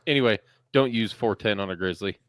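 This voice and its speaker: Low-voiced man with dry one-liners. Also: normal speed, fairly bright tone, no echo. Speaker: podcast co-host. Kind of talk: casual chat.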